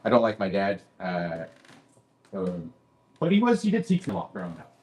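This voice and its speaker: A man's voice: sits low, huge pitch swings, moderate pace, a little mellow, reverberant. A man doing a stand-up set in a comedy club, self-deprecating and rambling into asides, with a Canadian accent.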